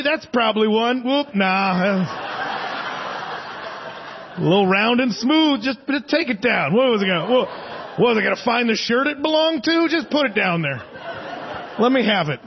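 Stand-up comic in his forties, high voice, rambling and self-mocking, dull lo-fi live theater recording. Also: a little hiss or hum. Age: 40s. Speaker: stand-up comedian. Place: theater stage. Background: audience laughter.

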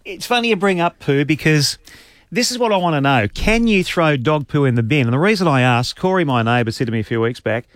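Australian male co-host, quick animated storyteller, dry close mic. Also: a little high, no echo. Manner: animated storytelling, mimics neighbour. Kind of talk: casual banter.

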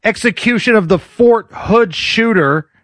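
A man with a high, light voice hosts a radio talk show in casual banter. His delivery is sardonic and joking. The sound is dry and close in a studio. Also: a little slow, fairly bright tone, dry recording.

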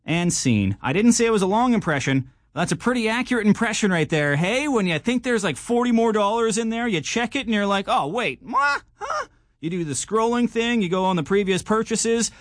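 A man on radio with a high, lively voice that jumps all over the place. He talks in a self-mocking, jokey way, close to a studio mic in a dry booth. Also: fairly quick, few pauses, no room sound. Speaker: radio host. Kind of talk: casual radio bit.

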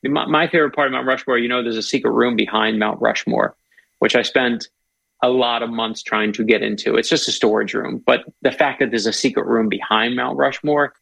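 A man's voice: mid-range voice, fairly even intonation, fairly quick, gravelly, a bit bright, no room sound, poor audio. A man talking about history as an author guest in a casual interview, eager and storytelling, often restarting his sentences.

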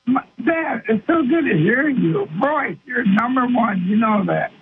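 A man's voice: very high-pitched, expressive, a little slow, husky. A man calling into a sports radio show, brash and emphatic about his teams. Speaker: radio caller. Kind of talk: phone call to a radio show. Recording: tinny phone line with faint noise.

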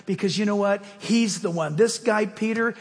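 A man with a high voice preaches a sermon from the pulpit. He tells stories in an animated way, jumping from loud bursts to quiet asides. His voice carries with a long reverb through a large hall. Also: moderate pace. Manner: animated storytelling preacher, swings between loud and hushed. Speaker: pastor.

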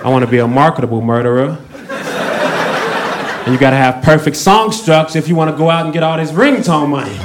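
A man's voice: fairly high pitch, brisk, background noise. A man doing stand-up comedy with a wry, offhand delivery.

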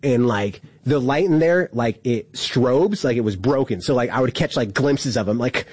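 A man telling a prison story in a loose, rambling way, full of "like" and quick laughs. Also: medium pitch, animated, darkish tone, husky, no room sound. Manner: rambling, heavy use of "like", laughs through story. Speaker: incarcerated storyteller. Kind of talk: casual storytelling.

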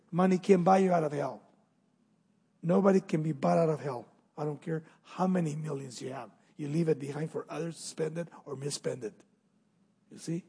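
A male pastor preaching a sermon, dramatic, swinging from loud emphatic scripture reading to hushed asides. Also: a little high, vocal fry, slightly rough, in a large hall.

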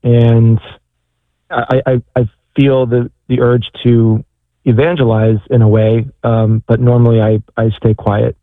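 A man calling in, speaking hesitantly with frequent halting restarts. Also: medium pitch, flat delivery, no echo. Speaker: caller. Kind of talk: casual call-in question. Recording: tinny phone line.

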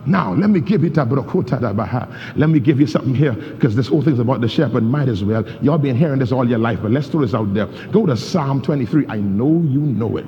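A male pastor preaching a sermon, leading his congregation through a reading and swinging between shouting peaks and low asides. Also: lively intonation, fast talker, few pauses. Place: church sanctuary. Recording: dull reverberant church recording with faint noise.

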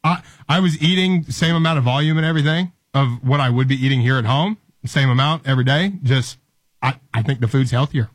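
A man's voice: mid-range voice, fairly quick, no echo. A young man, the show's new intern, chatting casually with stammering restarts. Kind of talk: casual talk-show chat.

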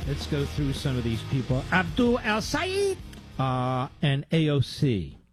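A man's voice: fairly high pitch, wildly swooping pitch, measured pace, soft background music. A man hosting a talk radio show, delivering a combative monologue with sarcastic asides to his producer.

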